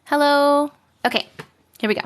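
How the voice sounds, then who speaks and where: Chatty woman with a high voice. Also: moderate pace, fairly bright tone, slight background noise. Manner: chatty, giggly, drops to a whisper at times. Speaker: live-stream host reading viewer stories. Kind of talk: casual live-stream chat and story reading.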